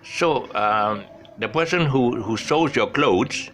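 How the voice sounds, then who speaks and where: A man's voice: medium pitch, expressive, slow, fairly bright tone. An older man hosting his own online show, talking casually with lots of restarts and self-corrections, chuckling at his own slips. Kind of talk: casual talk to camera. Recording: faint background noise.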